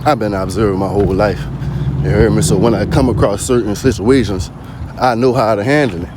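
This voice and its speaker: A man's voice: lowish voice, steady tone, fairly quick, very noisy. A man vlogging in a casual spoken monologue, slangy and constantly asking "you hear me".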